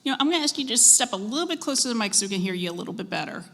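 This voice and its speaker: Measured, slightly high-voiced woman pronouncer. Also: sing-song, fairly bright tone. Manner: measured, deliberate reading of words and dictionary definitions; polite, patient prompts to young contestants. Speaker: spelling bee pronouncer. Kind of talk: formal competition announcing. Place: school event hall.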